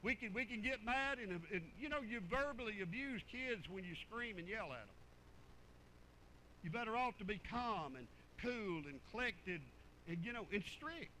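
A man's voice: high-pitched, animated, normal speed, sharp tone, a little hiss or hum, rough recording. An older man, preaching a sermon in a folksy, rambling way that repeats words. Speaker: pastor.

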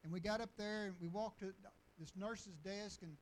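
A man's voice: high voice, fairly even intonation, moderate pace, a little hiss or hum, rough recording. A man preaching and telling stories in a folksy, rambling way, with restarts and chuckles. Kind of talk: storytelling sermon.

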